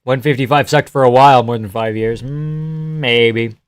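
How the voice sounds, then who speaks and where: A man's voice: medium pitch, fairly even intonation, normal speed, smooth, no room sound, clean studio sound. A man streaming live, chatting casually and joking through a fight watch-along, reading chat aloud and swearing freely.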